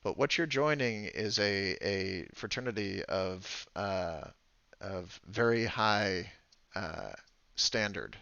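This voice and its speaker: A man voicing the calm, firm male leader of a secret faction on a ship, speaking in a measured, halting way. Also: low-pitched, vocal fry, dry recording, muffled recording, exaggerated voice. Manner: measured, halting, with many fillers.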